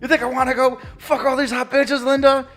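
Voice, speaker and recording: A man's voice: medium pitch, level tone, moderate pace, soft background music, voice pushed down, close to an everyday voice. A man voicing a crude, self-pitying male porn actor who moans to his wife about his job, as an improvised comic bit. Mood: exasperated.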